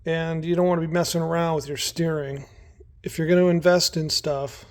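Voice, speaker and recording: A man with a notably high voice chats casually, as if showing friends around his garage workshop. His talk is relaxed and easygoing, full of asides. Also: normal speed. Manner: relaxed, chatty, talks to his dogs. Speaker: vlogger building a truck.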